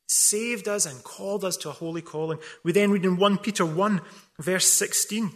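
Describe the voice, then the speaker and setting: A man's voice: sits high, moderate pace. A man preaching a sermon as pastor, emphatic and full of rhetorical questions, with wry asides. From not from England.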